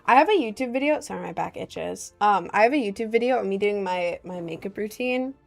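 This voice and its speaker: A woman's voice: mid-range voice, animated, brisk, creaky. A young woman livestreaming, chatting casually with her viewers in a rambling, self-deprecating way. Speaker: livestreamer reading chat. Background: faint Celtic music.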